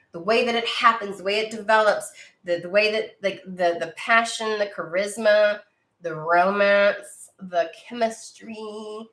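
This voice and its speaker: A woman's voice: medium pitch, fairly bright tone. A woman giving a casual tarot reading, talking bluntly and with lots of swearing, straight to her viewers. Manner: blunt and profane, talks to viewer directly. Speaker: tarot reader. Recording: echoey room.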